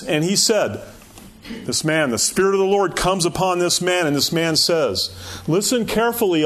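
A man delivers a conversational sermon in a fairly high voice. His pitch climbs and dips with lots of life, and he reads scripture before turning to pointed rhetorical questions, peppered with "you know". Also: fairly bright tone. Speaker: preacher.

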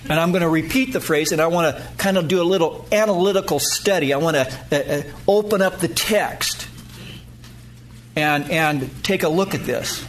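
An emphatic man preaches a sermon to his congregation, his voice sitting a little high for a man. He swings between loud, climbing peaks and quiet, low asides. Faint noise hangs under his voice. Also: lively intonation, normal speed. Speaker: pastor.

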